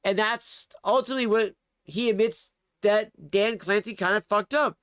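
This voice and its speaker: This is a man streaming live from his home, reacting to a clip in loose, profane chat. His voice is smooth and clean, and it sits close and dry with no room sound around it. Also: sits high, normal speed, a bit bright, no echo. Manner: crude, ranting, swears often. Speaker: livestreamer reacting to a video. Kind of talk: casual livestream chat.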